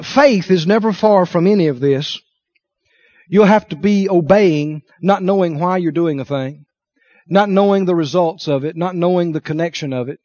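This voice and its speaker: Man preaching, high voice, emphatic, dull dry recording. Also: a little mellow, dry recording. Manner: emphatic, calls for congregation responses. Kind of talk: sermon.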